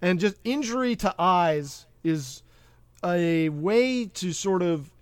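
Podcast host guy, fairly high voice, rambly movie recap, lots of uhs, dry close mic. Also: lively intonation, clear, resonant tone, no room sound. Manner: rambling, filler-heavy recapping with quick asides. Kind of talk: casual movie recap chat.

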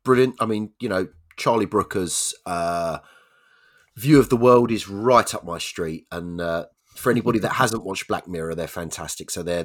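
A man, a podcast co-host chatting casually and rambling. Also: low voice. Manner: rambling, many fillers and restarts. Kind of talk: casual chat.

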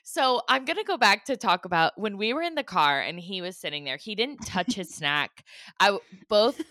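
Bright-voiced woman telling an animated story. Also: mid-range voice, normal speed, dry recording, clean studio sound. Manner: animated storyteller, laughs often. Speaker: podcast co-host. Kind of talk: casual chat.

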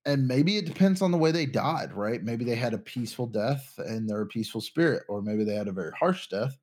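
A man's voice: medium pitch, expressive, fairly quick, a little mellow. A young man co-hosting a casual podcast chat, rambling and thinking aloud with lots of restarts. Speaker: podcast co-host.

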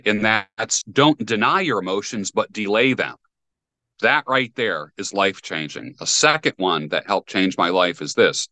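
A man's voice: lowish voice, sharp tone, no room sound. A man speaking as a podcast guest, firm and opinionated as he explains principles. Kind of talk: casual podcast conversation.

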